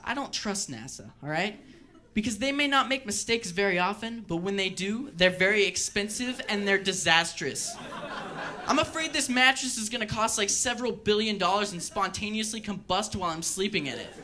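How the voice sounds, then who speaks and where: Bright-voiced deadpan male comic. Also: high voice, a little fast. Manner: deadpan, wry, rambling asides. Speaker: stand-up comedian. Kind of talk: stand-up routine. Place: comedy club stage.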